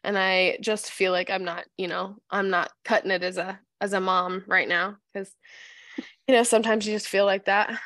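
A woman co-hosting a casual podcast chat, an animated storyteller who acts out the voices of the people in her stories. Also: medium pitch, normal speed, no echo, clean studio sound. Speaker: podcast co-host.

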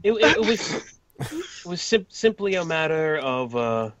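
A man's voice: a little high, very animated, a little slow, a bit bright, dry recording. A man playing a character in a tabletop game, flippant and stumbling over his words. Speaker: player. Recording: dull lo-fi mic.

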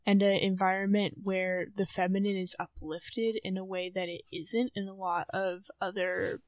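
A young adult woman co-hosting a podcast, chatting casually with lots of fillers and drawn-out phrases. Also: medium pitch, flat delivery, no room sound. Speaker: podcast co-host.

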